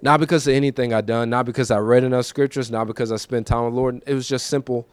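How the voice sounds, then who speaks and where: A man in his thirties preaching a personal testimony in a conversational, emotional way, moving from quiet recollection to raised, emphatic lines. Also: mid-range voice, steady tone, quick pace, few pauses, clean tone, dry recording. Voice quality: conversational, emotional, repeats himself. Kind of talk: testimony sermon.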